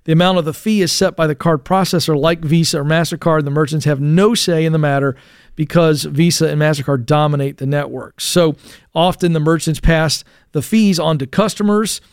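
A man's voice: a little high, fairly even intonation, moderate pace, clear, resonant tone, no room sound, studio quality. A man hosting a talk radio show, explaining a news story in a chatty way with asides and fillers. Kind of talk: casual talk radio chat.

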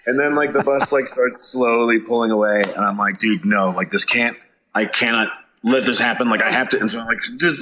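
Bright-voiced man telling a story. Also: medium pitch, brisk, slight background noise. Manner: animated, swearing, acts out his own yelling. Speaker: touring musician. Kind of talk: casual storytelling.

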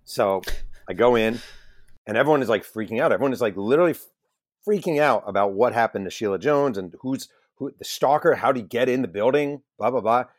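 A man being interviewed as a journalist, telling self-deprecating stories in a lively, casual way with the odd swear word. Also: medium pitch, brisk, dry recording, clean studio sound. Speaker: guest journalist and author.

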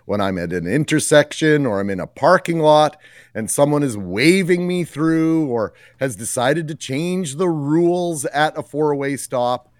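A man's voice: medium pitch, dry recording. Grumbling male radio panelist, dry sound. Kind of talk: casual radio panel chat.

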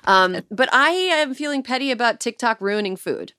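A woman's voice: on the high side, expressive, moderate pace, bright, forceful tone, clear, resonant tone, no room sound, clean studio sound. A woman hosting a podcast in casual chat, wry and joking. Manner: wry, joking, slips into mock regional accents. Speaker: podcast host.

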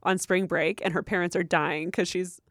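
A young woman co-hosting a podcast, giggly and animated in casual chat. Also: fairly low pitch, moderate pace, dry recording, clean studio sound. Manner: bubbly, giggly, animated storyteller. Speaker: podcast co-host.

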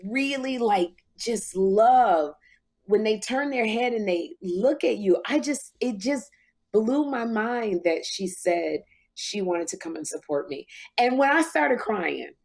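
A woman in her fifties hosting a talk show, telling stories in an animated, emotional way. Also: medium pitch, slow, vocal fry. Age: 50s. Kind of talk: casual podcast chat.

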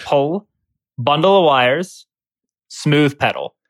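A man's voice: a little high, animated, fairly quick, bright, forceful tone, no room sound. A man with a Northeast Pennsylvania accent co-hosting a casual podcast, playfully teasing his co-hosts. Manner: playful, teasing game presenter. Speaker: podcast co-host. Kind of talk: casual chat.

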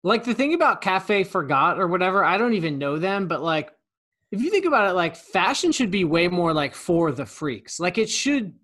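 A man's voice: sits high, sing-song, moderate pace, bright, forceful tone. A man co-hosting a podcast in casual chat, rambling with lots of fillers. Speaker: podcast co-host.

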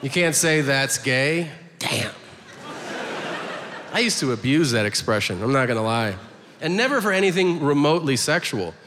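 A male comedian mid-rant, slipping into quick put-on voices to act out little exchanges. His mid-pitched voice rings out in a reverberant venue. A clear layer of live room noise sits under every line. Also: lively intonation. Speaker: stand-up comedian. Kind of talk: stand-up routine. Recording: live stage recording, hall reverb, audience noise.

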